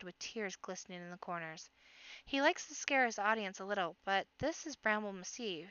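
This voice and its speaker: A woman hosting a read-aloud and narrating a children's book in a lively, expressive way. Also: mid-range voice, clean tone, no room sound, dull audio. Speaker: host reading a book aloud.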